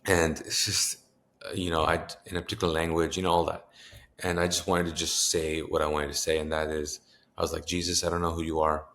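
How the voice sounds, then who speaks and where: A man in his fifties speaks with a notably low voice. He is a pastor talking with a host and tells a personal story in earnest. He slips into the voices of the people he quotes. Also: little pitch movement, a little fast, fairly bright tone. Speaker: pastor and author, interview guest.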